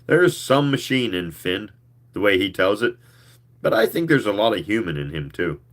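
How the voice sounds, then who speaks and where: A man reading a novel aloud, expressive and sometimes stumbling over words. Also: on the low side, moderate pace. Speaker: reader.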